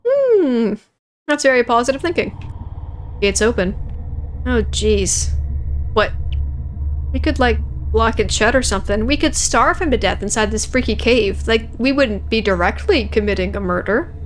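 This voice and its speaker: A woman's voice: on the high side, normal speed, slight background noise. A young woman playing a game, reading every character's dialogue aloud in her own voice and joking casually between lines. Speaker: let's play streamer.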